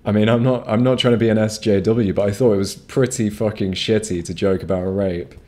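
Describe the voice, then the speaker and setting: Low-voiced rambling gamer. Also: male voice, steady tone, a little fast, darkish tone. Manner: rambling, profane, frequent restarts. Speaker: gamer streaming a playthrough. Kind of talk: casual gameplay commentary. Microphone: home streaming microphone.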